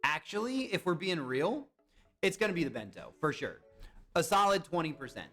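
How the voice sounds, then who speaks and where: A young man chatting casually on a live stream, excitable and swearing when he guesses wrong. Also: on the high side, moderate pace, faint music behind. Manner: excitable, swears and yelps at misses.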